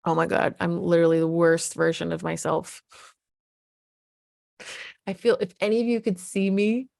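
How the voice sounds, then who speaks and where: A woman's voice: lowish voice, steady tone, moderate pace, gravelly, darkish tone, no room sound, clean studio sound. A middle-aged woman, a parenting coach, explaining earnestly in a conversational way. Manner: earnest, conversational, often acts out quoted voices. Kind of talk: explanatory talk to camera.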